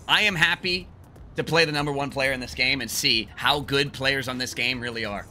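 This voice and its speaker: A man giving excited, joking gameplay commentary with crude trash talk and bursts of yelling. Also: medium pitch, normal speed, soft background music. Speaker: gaming video creator.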